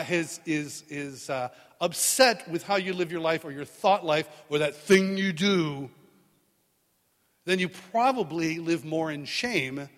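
A middle-aged man preaching a sermon to a live congregation, telling stories with animation and acting out the voices of the people in them. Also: a little high. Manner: animated storytelling, acts out voices in dialogue. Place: large church hall with live congregation. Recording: long hall reverb.

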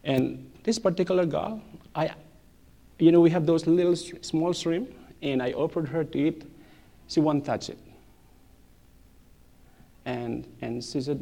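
A middle-aged man telling a personal church testimony, animated, repeating phrases and laughing between lines, with non-native English grammar. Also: fairly high pitch, unhurried, vocal fry, long pauses.

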